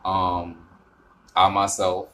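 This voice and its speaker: A young man from the northern United States with a New York accent talks straight to camera in a relaxed vlog. His voice sits low, and he wanders through fillers and restarts. When he hits his explanation he climbs higher and gets louder. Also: very slow, slight background noise. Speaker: vlogger. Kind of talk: casual talk to camera.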